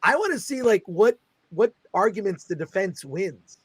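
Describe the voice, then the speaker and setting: A middle-aged man hosting a casual livestream chat, excitably reading viewer comments aloud. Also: sits high, moderate pace, breathy edge, no room sound. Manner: excitable, reads viewer super chats aloud. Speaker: host.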